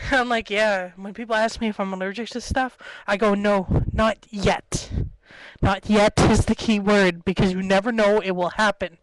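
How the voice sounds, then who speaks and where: A woman's voice: mid-range voice, fairly even intonation, fairly quick, hardly any pauses, dry recording, low-quality recording. A young woman vlogging casually to her webcam at home, chatty and giggly, jumping from story to story. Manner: chatty, giggly, jumps between stories. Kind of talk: rambling casual webcam vlog. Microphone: built-in webcam mic.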